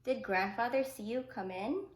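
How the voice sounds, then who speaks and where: A woman's voice: fairly high pitch, normal speed, natural voice. A woman reading the part of a stubborn, upset little boy in a sulky, pleading way. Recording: echoey room.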